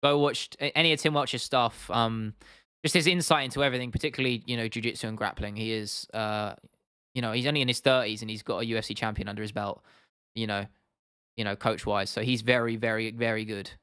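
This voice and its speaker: Man, livestream host, casual rambling chat, smooth voice, mid pitch. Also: steady tone, quick pace, fairly bright tone, dry recording, studio quality. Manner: rambling, swears freely, lots of restarts and fillers. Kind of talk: casual livestream chat, reading out viewer comments.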